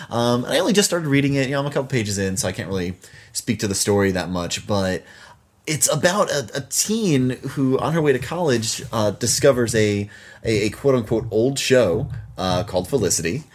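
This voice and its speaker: A man co-hosts a relaxed book chat, his pitch leaping up and down as he gets excited. He talks in loose, restarting sentences full of fillers and laughs easily. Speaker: podcast co-host. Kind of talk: casual chat about books.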